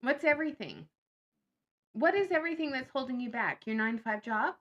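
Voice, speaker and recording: A woman's voice: high-pitched, expressive, a little fast, a bit bright, highs cut off. A woman vlogger in casual chat, blunt and sarcastic.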